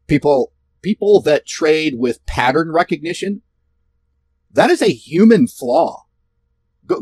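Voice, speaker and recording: A man promoting trading software in a sarcastic, mocking rant delivered straight to camera. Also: a little high, no echo. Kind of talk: ranting direct-to-camera talk.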